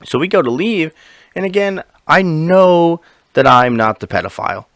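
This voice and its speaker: Animated swearing man telling a story. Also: fairly high pitch, normal speed, gravelly, no echo. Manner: animated, profane, acts out quoted dialogue. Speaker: podcast co-host. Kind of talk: casual storytelling chat.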